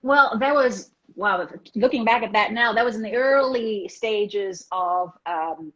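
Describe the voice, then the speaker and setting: A woman from South Africa, a guest actress, talking fast in a casual interview, often restarting her sentences. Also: medium pitch. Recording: muffled lo-fi audio.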